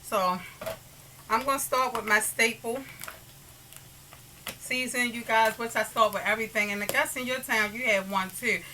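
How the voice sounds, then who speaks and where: A woman runs a casual cooking tutorial from her home kitchen, chatty and homey, often addressing viewers as "you guys" while pots, pans and dishes clink behind her. Her voice is a little high, steady and sharp, at a moderate pace with long pauses. The audio is poor, with slight background noise.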